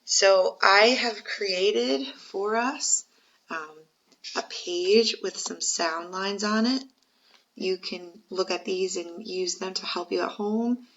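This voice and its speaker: A woman's voice: medium pitch, slow pace, fairly bright tone. A woman teacher giving a patient second-grade spelling lesson, sounding out syllables and encouraging young learners. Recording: muffled lo-fi recording.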